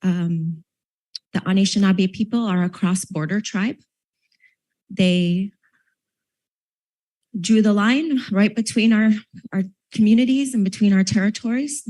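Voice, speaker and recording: A woman's voice: medium pitch, a little slow, pauses often, dark tone, low-quality recording. A woman from Minnesota speaking earnestly on a panel at a university event, a little choked up. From Minnesota, United States. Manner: earnest, emotional, slightly choked up. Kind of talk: public panel talk.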